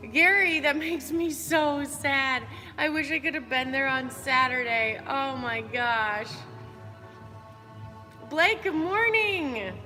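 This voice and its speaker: A woman's voice: high voice, slow pace, long pauses, pushed and bright. A young woman chatting upbeat with viewers by name while coaching a live workout. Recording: roomy hall reverb. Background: faint background music.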